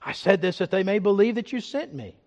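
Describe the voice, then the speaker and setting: A man preaching a sermon as pastor, emphatic, swinging from loud declarations to hushed reflection. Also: high voice, expressive, a little fast, big-room sound.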